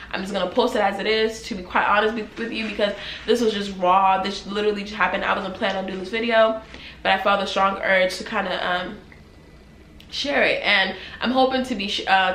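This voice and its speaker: A woman's voice: mid-range voice, a bit bright. A young woman speaks straight to her camera, sharing a personal faith testimony in an earnest, emotional way. Her talk is unscripted and rambling, full of fillers. The sound bounces around a reverberant room, with a faint hum of background noise.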